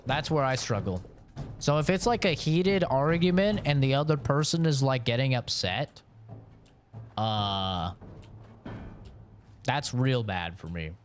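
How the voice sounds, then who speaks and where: A man's voice: mid-range voice, expressive, measured pace, long pauses, slight background noise. A young man streaming games and chatting casually, rambling frankly, swearing freely, and laughing often. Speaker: gaming streamer. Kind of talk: casual live-stream chat.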